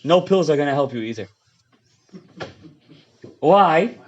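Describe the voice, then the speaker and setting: A rabbi delivers a fiery Torah lecture, swinging between loud outbursts and hushed asides while mixing Hebrew terms into his English. His voice sits on the high side, expressive and slow, on a dull lo-fi recording.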